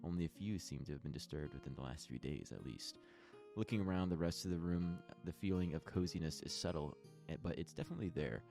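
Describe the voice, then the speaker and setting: A man's voice: deep voice, animated, fast talker, gravelly, few pauses, warm tone, soft background music. A man narrating as game master, setting scenes with frequent fillers and restarts.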